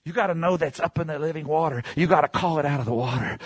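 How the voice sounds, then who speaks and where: A man preaching a sermon in a fervent, emphatic, repetitive way, building to shouts and dropping low and slow. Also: breathy edge, dry recording, studio quality.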